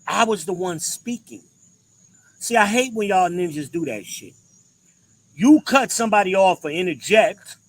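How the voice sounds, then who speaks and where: Blunt, profane man ranting with bright tone. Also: sits high, rough recording. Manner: blunt, profane, emphatic inflections. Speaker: podcast host. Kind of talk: ranting commentary.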